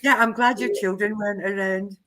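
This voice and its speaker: A woman with a medium-pitched, fairly even, brisk and slightly bright voice co-hosts a live psychic development stream. She reads a comic meditation aloud, then chats casually, laughing often and swearing freely.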